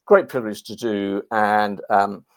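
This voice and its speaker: A man telling lively anecdotes in a podcast interview, a former army clergyman. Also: on the low side, unhurried. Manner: animated, anecdotal.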